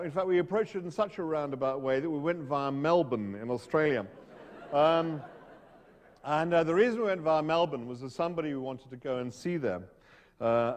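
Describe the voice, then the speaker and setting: In a large hall, a man with a mid-range voice gives a humorous storytelling talk to an audience. He's wry and hesitant, often interrupting himself and restarting his sentences.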